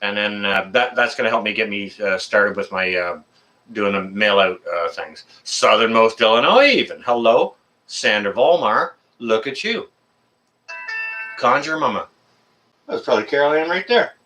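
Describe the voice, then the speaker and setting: A man's voice: lowish voice, animated, normal speed, pushed and bright. A man from Canada hosting a casual live stream, greeting viewers by name in a friendly, rambling way with many fillers.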